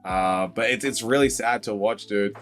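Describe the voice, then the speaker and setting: A young Australian man hosting a casual live stream, chatty and excitable, calling viewers mate and bro and breaking into loud, high exclamations. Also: normal speed, faint music behind. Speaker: live stream host opening trading card packs.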